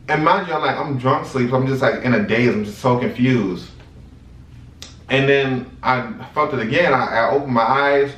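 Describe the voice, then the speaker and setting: Animated young man telling a story, roomy sound. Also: mid-range voice. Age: 20s. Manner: animated, chatty storyteller who addresses viewers directly. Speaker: vlog host. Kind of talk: casual storytime monologue. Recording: roomy sound from a distant mic.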